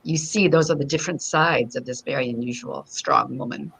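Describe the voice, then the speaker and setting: A woman's voice: very deep voice, fairly quick, vocal fry, fairly bright tone, slightly rough, poor audio. A woman co-hosting a casual video chat, talking in a thoughtful, reflective way. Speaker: co-host.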